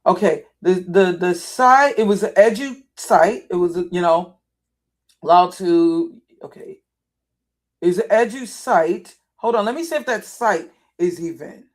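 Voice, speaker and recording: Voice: mid-range voice, expressive, measured pace. A live streamer talking casually while browsing, thinking aloud, often repeating and restarting phrases as frustration builds.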